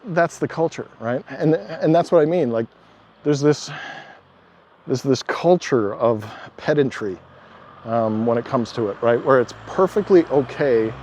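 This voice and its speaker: A man in a casual vlog monologue, talking in an animated, exasperated way, acting out quoted exchanges and laughing often. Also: mid-range voice. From Canada. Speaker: travel vlogger.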